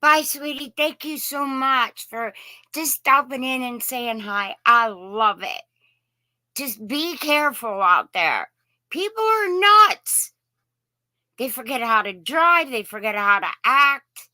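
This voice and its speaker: Slow-talking chatty woman with a bright voice. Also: a little high, lively intonation, dry recording. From Indiana. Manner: chatty, folksy, greets viewers by name. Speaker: live stream host. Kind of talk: casual live chat with viewers.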